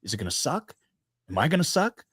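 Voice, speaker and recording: A man's voice: a little high, brisk, husky, no echo, clean studio sound. A middle-aged man, a guest actor, telling stories in a casual stream chat and acting out the quotes. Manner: animated storyteller, acts out quotes.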